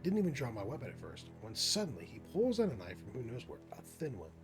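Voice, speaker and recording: A man's voice: mid-range voice, huge pitch swings, quick pace, soft background music. A man reading out a scheming, wounded prison guard from a game in a hammy put-on accent. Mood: confiding. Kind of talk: reading game dialogue aloud.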